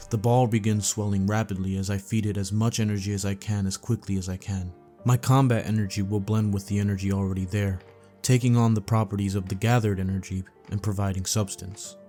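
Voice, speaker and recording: A man calmly narrating a first-person dream story for sleeping, in a steady, low-key way. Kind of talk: calm bedtime story reading. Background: faint background music.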